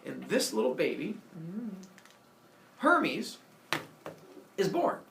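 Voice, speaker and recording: A man casually retelling a myth as a comedy story, animated, with jokey asides and lots of fillers. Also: high voice, drawn-out words, gravelly, a little hiss or hum. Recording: echoey room, mic far off.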